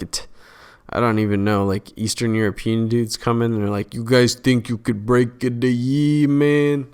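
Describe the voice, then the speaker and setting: A man casually recapping a movie's plot in a rambling, loose way. His voice sits low with a gravelly rasp, and he often trails into fillers and restarts. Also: a bit bright. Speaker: channel host summarizing a film.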